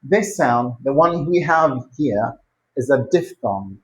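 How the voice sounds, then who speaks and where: A pronunciation teacher leading a lesson, modelling words slowly and repeating them for the learner to copy, with short encouraging prompts. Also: medium pitch, expressive, low-quality recording. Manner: slow, drawn-out model words repeated for practice.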